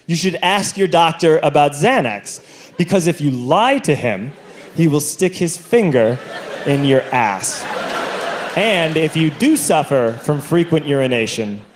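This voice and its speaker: A man doing a stand-up comedy set, telling stories in an animated way and acting out other people's voices, recorded live on stage. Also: on the high side. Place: comedy stage with a laughing audience. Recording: live show with audible audience noise.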